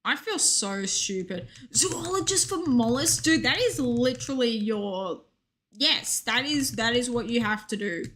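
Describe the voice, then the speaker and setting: A woman's voice: fairly high pitch, expressive, unhurried, a bit bright, a little hiss or hum. An Australian woman streaming a game, chatting casually in a jokey, rambling way and answering her chat.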